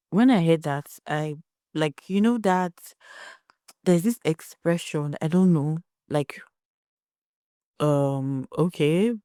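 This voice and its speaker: A woman's voice: deep voice, measured pace, warm tone, dry recording, studio quality. A young Nigerian woman hosting a solo podcast, giving blunt opinions and telling stories in a conversational way. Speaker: podcast host.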